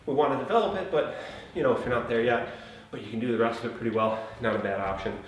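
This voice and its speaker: A man's voice: medium pitch, fast, highs cut off. Out of breath guy explaining workout modifications, chill and chatty, super echoey room, mic kinda far away. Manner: relaxed, chatty, huffing between phrases. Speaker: fitness trainer. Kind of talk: casual workout instruction. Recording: very echoey room, mic at a distance, faint noise.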